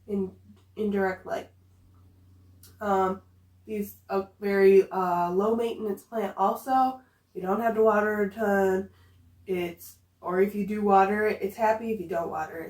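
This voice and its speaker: A woman's voice: mid-range voice, a little mellow. Woman, casual plant vlogger, bubbly and repetitive in her praise, light accent slipping through, recorded at a distance. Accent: some regional accent that slips in. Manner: gushing, enthusiastic, fond of repeating words. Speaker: houseplant vlogger. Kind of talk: casual chat. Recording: roomy echo, distant from the mic.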